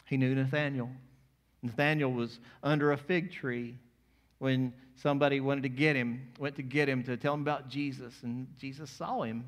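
A male pastor preaching a sermon, moving between quiet, intimate lines and loud, emphatic passages. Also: mid-range voice, steady tone, normal speed.

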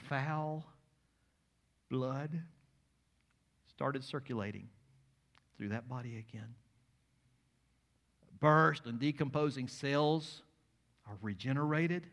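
A male pastor preaching a sermon, reading scripture aloud and swinging between hushed, slow passages and loud, ringing calls. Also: medium pitch. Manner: dramatic, shifts from hushed to loud.

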